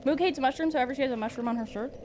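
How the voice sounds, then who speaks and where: A woman streaming a game live, chatting casually with her chat, giggling often and breaking into excited outbursts. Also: high-pitched, a little hiss or hum.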